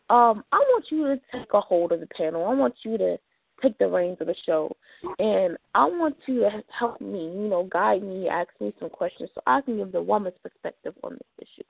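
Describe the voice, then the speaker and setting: A woman hosting an internet radio show, giving calm, earnest advice in casual talk. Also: medium pitch, gravelly, breathy edge, dry recording. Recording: tinny phone-like line, dry.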